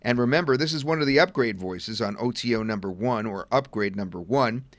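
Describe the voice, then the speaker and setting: A middle-aged man at his computer walks viewers through a software demo in an easygoing, talkative way, thinking out loud as he goes. His voice sits at an average pitch and is recorded dry and close. Keys clack now and then in the background. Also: fairly quick, no echo. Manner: chatty, thinks aloud while clicking. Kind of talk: casual webinar walkthrough. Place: at a computer desk.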